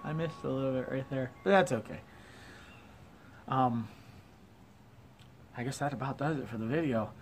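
A man's voice: medium pitch, normal speed, long pauses, slight background noise. A man with an Ohio accent, chatty and self-deprecating, doing a casual shaving review on his porch. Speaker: wet shaving YouTuber. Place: porch at home.

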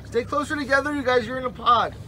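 A woman vlogging while filming a family outing on a tour boat, excitable and playful, dropping Spanish words into her talk. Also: sits high, quick pace, a little hiss or hum, low-quality recording. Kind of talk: casual vlog chat while filming. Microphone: handheld camera. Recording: loud music and crowd on a tour boat.

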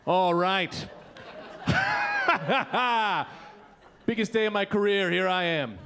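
A man's voice: sits high, wildly swooping pitch, very slow, a little hiss or hum. A man performing a loose, rowdy stand-up comedy set in a comedy club, acting out quotes. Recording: comedy club with loud crowd laughter.

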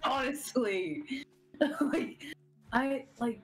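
A woman's voice: sits high, very slow, soft background music, poor audio. A woman with a Southern US accent, chatting and laughing a lot while co-hosting a gaming stream. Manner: giggly, chatty, many fillers. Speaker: stream co-host. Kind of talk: casual gaming chat.

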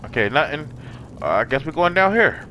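A man commentating a horror game, excitable and profane, yelling and gasping at each scare. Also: fairly high pitch, a little fast, faint music behind. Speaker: gaming YouTuber. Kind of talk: horror let's play commentary.

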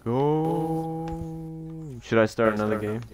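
A young man with a somewhat low voice, loud and rowdy on a casual gaming stream. He swears constantly and gets flustered easily, laughing at himself as he goes. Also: animated, a little fast, soft background music. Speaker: stream guest.

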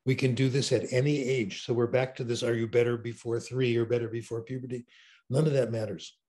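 An older man, an interview guest, tells stories with enthusiasm in a conversational interview, sounding like he's on a video call. His mid-range voice moves fairly quickly and stays animated.

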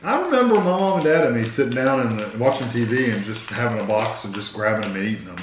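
A man's voice: mid-range voice, animated, fast talker. A man co-hosting a casual taste-test video, thinking aloud in an easygoing way as he tastes. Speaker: co-host. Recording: roomy with faint noise.

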